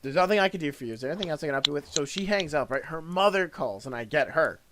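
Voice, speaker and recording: A man's voice: a little high, very fast, a little hiss or hum. A man hosting a casual talk show, telling customer service stories and acting out angry callers. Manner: animated storyteller, acts out angry callers loudly.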